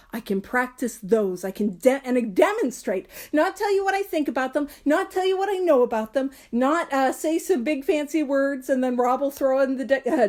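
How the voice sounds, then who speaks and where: Woman teaching a study group, earnest and emphatic, kinda high voice, pokes fun at herself. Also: darkish tone. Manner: earnest, emphatic, self-deprecating asides. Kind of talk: casual teaching, reading aloud and explaining.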